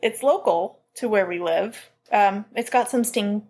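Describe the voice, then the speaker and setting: A woman's voice: mid-range voice, unhurried, darkish tone. A woman co-hosting a podcast in casual chat, giggly and chatty, reading out listener stories. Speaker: podcast co-host.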